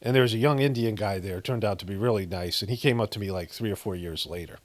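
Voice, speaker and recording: A middle-aged meditation practitioner tells a personal story, rambling frankly with many fillers, restarts, and the occasional profanity. He talks fast in a low voice, and the recording is dry.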